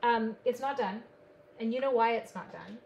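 A woman demonstrating card-making on a live online stream, chatting brightly with viewers as she works. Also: fairly high pitch, normal speed, vocal fry, muffled recording, noisy background. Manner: chatty, bubbly, talks to viewers while working.

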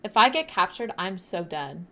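A young woman streaming a game live, chatting bubbly with her viewers and teammates and bursting into loud shrieks. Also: on the low side, animated, normal speed. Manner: talks to chat and teammates while playing.

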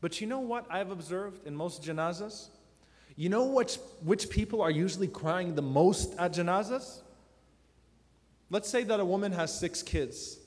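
A man preaching to a youth conference, telling personal stories earnestly and dropping to a hushed voice for emphasis. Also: a little high. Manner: drops to a soft, hushed voice for emphasis. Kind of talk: emotional sermon. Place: large conference hall. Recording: long hall reverb.

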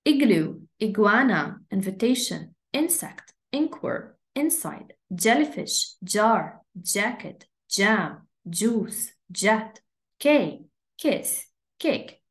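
Slow, deliberate woman teaching English. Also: mid-range voice, sing-song. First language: Arabic. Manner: slow, deliberate drilling of words and letters. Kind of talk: online beginner English lesson.

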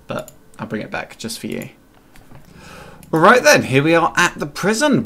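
A man's voice: medium pitch, a bit bright. A man hosting a gaming channel, giving casual, playful commentary as he plays and chats to the game's characters. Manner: chatty, playful, talks to game characters.

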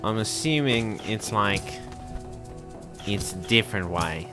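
A man casually commentating a game as he plays, reacting out loud and chatting to his viewers. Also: on the low side, lively intonation, slow, music in the background. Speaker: game streamer. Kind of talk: casual let's-play commentary.

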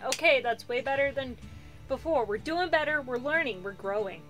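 Excitable woman gaming with faint music. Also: on the high side, moderate pace. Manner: excitable, swears, self-deprecating. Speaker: gaming YouTuber. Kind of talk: live gameplay commentary and voice-over narration.

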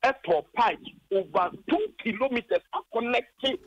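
A man's voice: very high voice, very animated, moderate pace, a bit bright, dry recording. Indignant Ghanaian man on a phone line. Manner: impassioned, indignant, retelling arguments. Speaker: caller, former district chief executive. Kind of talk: phone-in complaint on a radio program.

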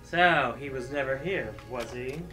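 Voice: medium pitch, a little slow, over music. A gaming streamer giving jumpy, joking commentary on a horror game. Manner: jumpy, exclaiming, joking at the screen. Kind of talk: let's play commentary.

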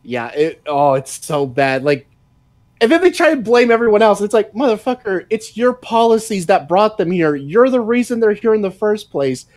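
A man's voice: high-pitched, big pitch swings, moderate pace, a little mellow, dry recording. A man in casual stream chat, ranting in a profane, rambling way and laughing often. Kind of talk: casual political rant chat.

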